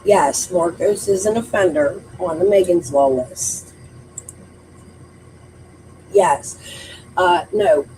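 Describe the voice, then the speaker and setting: A woman's voice: lowish voice, slow, pauses often, mellow, a little hiss or hum, rough recording. A woman hosting a true crime livestream, talking casually in a blunt, emphatic way and swearing often. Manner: blunt, heavily profane, emphatic. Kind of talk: casual chat.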